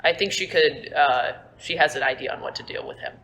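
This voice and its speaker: A woman's voice: deep voice, fairly quick, fairly bright tone, in a large hall, a little hiss or hum. A woman voicing a flippant, carefree man who brushes things off. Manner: breezy, dismissive.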